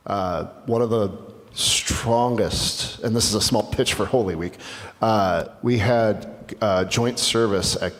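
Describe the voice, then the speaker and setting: Earnest pastor in a reverberant church. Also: male voice, lowish voice, takes it slowly. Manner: reflective, earnest, with restarts. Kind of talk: conversational dialogue sermon. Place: church sanctuary.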